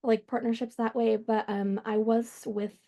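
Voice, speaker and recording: Emotional young woman, slightly high voice. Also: little pitch movement, moderate pace, gravelly, warm tone. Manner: chatty, emotional, laughs often. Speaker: client.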